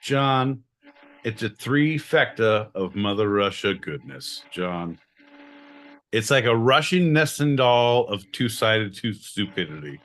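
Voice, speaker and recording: Animated, slow-talking man podcast co-host. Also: lowish voice. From United States. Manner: profane, loud, laughing, theatrical. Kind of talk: casual live podcast banter. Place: Southern California.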